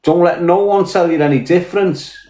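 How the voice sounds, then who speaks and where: A man's voice: sits high, fairly quick, dark tone, reverberant. A man with a Scouse accent from Liverpool, hosting a casual live-stream. He talks bluntly, swears heavily and confronts people. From Liverpool, England. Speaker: podcast host.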